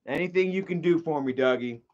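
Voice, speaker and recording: A man's voice: a little high, brisk, darkish tone. Rambling, cussing man on a lo-fi stream. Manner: rambling and profane, heavy use of filler words. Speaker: livestreamer. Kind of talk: casual livestream chat.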